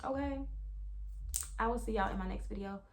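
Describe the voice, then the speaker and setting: Young woman, story-time vlog, casual, animated, swears, talks to viewers. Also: medium pitch, normal speed, a little hiss or hum. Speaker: vlogger.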